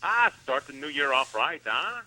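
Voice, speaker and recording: A man's voice: on the high side, sing-song, normal speed, bright, forceful tone, full character voice, rough recording. A man playing a rambling drug-addicted guy who owes his ex-wife alimony, repeating himself and slipping into an Italian-style accent in a comedy radio bit.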